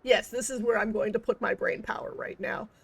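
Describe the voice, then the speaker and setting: A woman's voice: on the high side, vocal fry, slightly rough. A woman streaming a game, rambling in casual commentary with goofy wordplay and self-mocking jokes.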